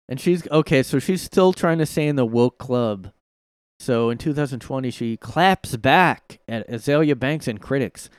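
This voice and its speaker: A man hosts a solo podcast from his room, rambling sarcastically and leaning heavily on filler words. His voice is medium-pitched and smooth, with a measured pace and no echo in this casual solo commentary.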